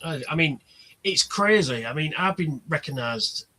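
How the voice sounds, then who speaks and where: A man's voice: a little high, expressive, normal speed, pushed and bright. A man hosting a casual livestream chat, telling anecdotes and acting out the quoted exchanges. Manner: chatty storyteller, acts out quoted exchanges. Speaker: livestream host.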